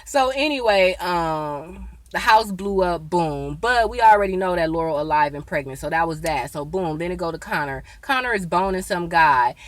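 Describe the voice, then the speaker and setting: A woman, recapping a TV episode in a chatty, excitable way, often saying "y'all.". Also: on the low side, normal speed. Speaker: TV episode reviewer. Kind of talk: casual recap vlog.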